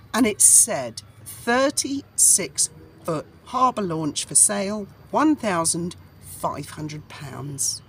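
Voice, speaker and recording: In a mid-range voice, a middle-aged vlogger rambles through memories of her life, constantly using fillers and restarting her sentences. There's slight hiss or hum on the recording.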